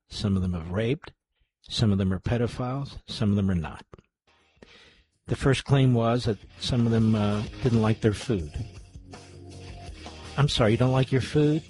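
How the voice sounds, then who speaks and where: A man's voice: on the low side, dark tone. A man hosting talk radio, blunt and scornful toward his guest.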